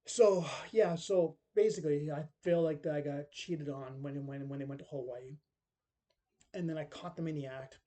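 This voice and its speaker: A man's voice: fairly high pitch, fairly even intonation, moderate pace, warm tone. A middle-aged man telling a personal story in casual, rambling speech, full of tag questions and acted-out quotes.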